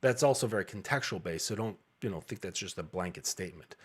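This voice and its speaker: A man's voice: sits low, lively intonation, fast, husky. A man in his thirties, a dating coach, talking bluntly and casually with frequent profanity and laughs.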